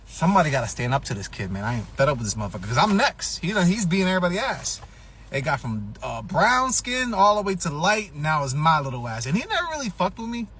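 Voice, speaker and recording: A man's voice: fairly high pitch, fast, slight background noise. A man telling a profane, comedic personal story, acting out what people said. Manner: animated, profane, acts out quotes.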